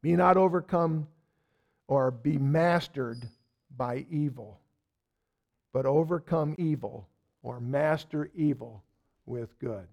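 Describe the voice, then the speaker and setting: A man teaching a verse-by-verse sermon in a folksy way, with loud stresses and soft asides, repeating words as he searches. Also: mid-range voice, takes it slowly, vocal fry, long pauses. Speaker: Bible teacher.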